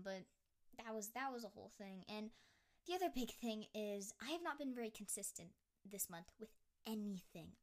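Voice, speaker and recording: Rambling young woman podcaster. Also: mid-range voice. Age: young adult. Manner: rambling, self-reflective, frequent restarts and "you know". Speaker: podcast host. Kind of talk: solo podcast rant.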